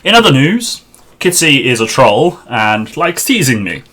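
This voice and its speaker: A man chats through a live game stream on a headset mic, his voice bright and forceful. He mutters along to himself as he fiddles with the setup, half to the viewers and half to the screen. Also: medium pitch, very animated, measured pace, slightly rough. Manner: chatty, muttering to himself while sorting out a server.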